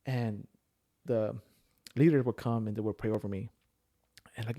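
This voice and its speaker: A man's voice: lowish voice, steady tone, moderate pace, mellow. Rambling man telling his story. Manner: rambling storyteller with many fillers. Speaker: podcast guest sharing his story. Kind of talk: casual chat.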